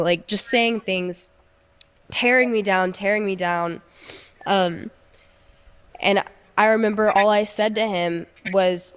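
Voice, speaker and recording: A young woman recounting a painful personal story, halting and emotional, restarting often. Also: mid-range voice, fairly even intonation, a bit bright, clean tone, long reverb tail. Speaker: storyteller in a played video.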